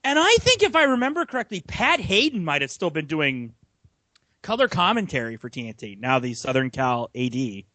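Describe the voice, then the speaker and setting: A young man co-hosting a casual sports podcast, his voice bright and lively as he swings up and down in pitch while telling stories. He laughs as he talks, and the sound is dry and close. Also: fairly quick, no echo. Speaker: podcast co-host.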